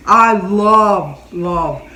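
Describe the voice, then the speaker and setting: A woman's voice: mid-range voice, extremely slow, sharp tone, low-quality recording. An older woman chatting casually as host, wandering into long stories and laughing as she goes. Faint noise sits behind her voice. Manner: chatty storyteller, laughs often. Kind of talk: casual chat.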